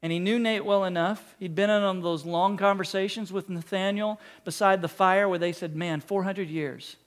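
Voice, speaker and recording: A man's voice: sits high, steady tone, moderate pace. A man preaching a sermon, telling a story and acting out the quotes in it, with jokes and asides. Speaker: pastor.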